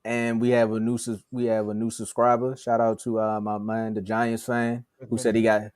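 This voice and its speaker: A man's voice: fairly low pitch, moderate pace, dry recording. Man, sports podcast co-host, casual banter, laughs a lot, dry close sound. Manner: animated, laughs between jokes; rattles off shout-outs.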